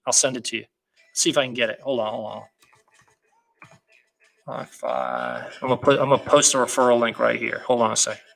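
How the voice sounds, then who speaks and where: A man's voice: medium pitch, animated, brisk, creaky, long pauses, a bit bright. Hyped man hosting a casual livestream. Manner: hyped, boastful, slangy. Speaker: livestream host reading viewer comments.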